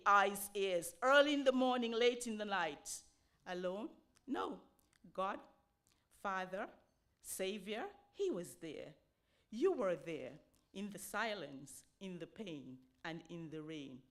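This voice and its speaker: Slow, solemn woman reciting poetry. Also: mid-range voice, fairly bright tone. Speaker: poetry reader. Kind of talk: dramatic poetry reading.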